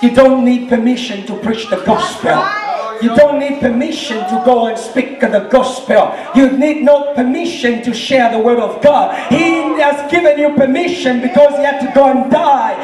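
A man with a Southern African accent preaching a sermon, impassioned and often shouting with emphatic repetition. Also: extremely high pitch, moderate pace, distant mic, a crowd in the background. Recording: roomy hall, mic from afar.

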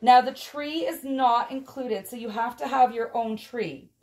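A fairly high-pitched woman host speaking at an unhurried pace. She gushes over each toy she unboxes, gasping and exclaiming as she talks straight to her viewers. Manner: gushing, excitable, frequent gasps and exclamations. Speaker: doll collector vlogger.

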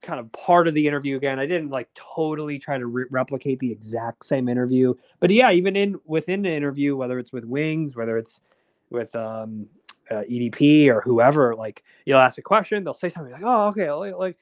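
A man's voice: medium pitch, brisk, dry recording, lo-fi sound. A man, a documentary filmmaker, chatting casually as a guest and rambling with lots of fillers and restarts. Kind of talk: casual interview chat.

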